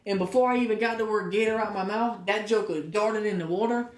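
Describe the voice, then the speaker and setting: A man co-hosting a casual podcast, telling stories and rising loud for punchlines. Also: high voice, fairly quick. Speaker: podcast co-host. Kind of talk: casual chat. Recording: echoey room.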